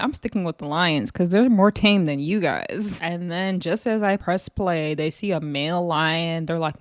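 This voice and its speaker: A woman's voice: on the low side, moderate pace, dry recording, studio quality. A woman giving casual, laughing commentary on a reality show, acting out quotes in between. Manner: laughing, chatty, acts out quotes. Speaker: reality show recap host.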